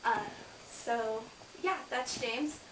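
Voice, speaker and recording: A woman's voice: fairly high pitch, extremely slow, far from the mic. A young adult woman, a college student, chatting casually and bubbly about her life, with lots of "like" fillers. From Kansas. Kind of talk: casual personal storytelling vlog. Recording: roomy, off-mic, faint hiss.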